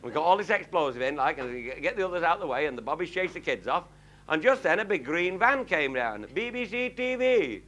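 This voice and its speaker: A man's voice: fairly high pitch, big pitch swings, fast talker, sharp tone. A man telling a comic story to a live audience in a blunt, earthy, chuckling way. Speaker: comic raconteur. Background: audience laughing.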